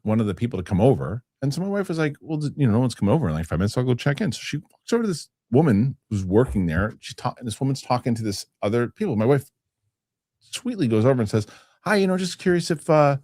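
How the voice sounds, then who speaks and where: A man's voice: medium pitch, big pitch swings, fast talker, mellow, dry recording, clean studio sound. A man hosting a casual podcast, telling a story with many restarts and some swearing. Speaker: show host.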